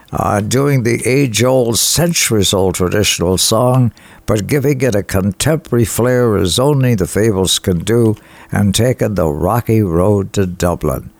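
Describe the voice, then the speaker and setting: A man hosting a radio show, introducing songs and reading listener greetings in an enthusiastic, halting way full of fillers. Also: medium pitch, vocal fry, dry recording. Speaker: radio host. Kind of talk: radio dedications and song intros.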